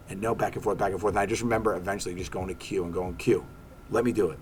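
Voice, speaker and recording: Here a Staten Island comedian, appearing as an interview guest, keeps the chat casual and brings his stories to life by acting out quotes. His rapid-fire voice sits low, and there's slight background noise.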